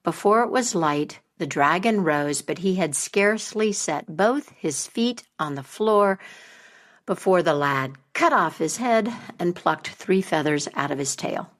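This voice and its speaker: A woman telling a folk tale as a podcast storyteller, slow and expressive. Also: fairly low pitch.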